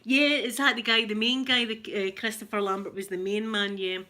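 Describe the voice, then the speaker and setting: A Scottish woman with a rough voice, chatting casually and laughing as she tells stories to viewers on a live stream. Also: on the high side, steady tone, brisk, sharp tone. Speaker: livestream host chatting with viewers.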